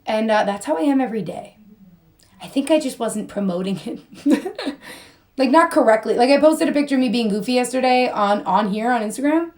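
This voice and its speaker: A young woman with a slightly high voice chats casually through a live stream while doing her makeup. She rambles and goofs around, slips into sing-song phrasing and laughs often. Her voice sounds a little strained. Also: animated, a little fast, darkish tone. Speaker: model and influencer.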